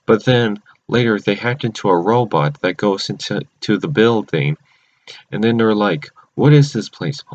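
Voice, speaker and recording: At a moderate pace, a lowish-voiced man walks through cartoon episodes in a loose, rambling recap, often breaking off to fix or restart what he's saying. The audio is lo-fi and dull.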